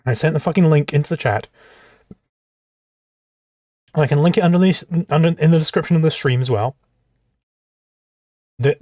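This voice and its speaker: A man's voice: fairly high pitch, a little mellow, no echo, clean studio sound. A man hosting a livestream, reacting to clips in exasperated, profane commentary. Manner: exasperated, swears often.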